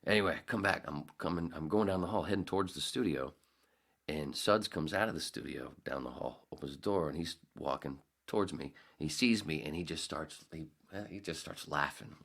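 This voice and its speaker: A man's voice: rumbling low, brisk, creaky, fairly bright tone. A middle-aged man hosting a podcast, telling a rambling anecdote in casual storytelling style, correcting himself as he goes. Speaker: podcast host.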